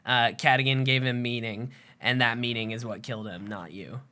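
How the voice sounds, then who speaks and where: Woman co-host rambling through her episode notes, bright tone, animated, swears a lot. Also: a bass voice, normal speed. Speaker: podcast co-host. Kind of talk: casual chat recapping a TV episode.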